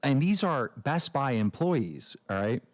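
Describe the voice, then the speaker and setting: A man hosting a livestream, telling a long story in a ranting, swearing way and mimicking others in shrill voices. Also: sing-song, unhurried. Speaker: show host. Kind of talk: casual livestream chat.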